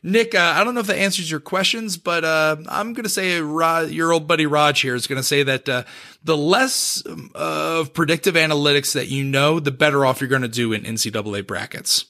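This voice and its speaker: A man's voice: on the high side, fairly quick, bright, forceful tone. A man co-hosting a podcast in casual chat, reading listener mail and often breaking into laughter. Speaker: podcast co-host.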